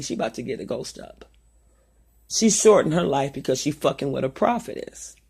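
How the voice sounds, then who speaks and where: A woman's voice: low-pitched, vocal fry, a little mellow, breathy edge. A middle-aged woman talking to her vlog audience in a blunt, profane, heated storytelling manner. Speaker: vlogger. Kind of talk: casual monologue vlog.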